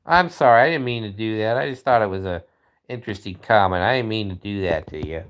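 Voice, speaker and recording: Brief: male stream host, profane rambling rant, very animated intonation. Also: fairly low pitch, fast. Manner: profane, rambling, restarts often. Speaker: livestream host. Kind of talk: casual livestream rant.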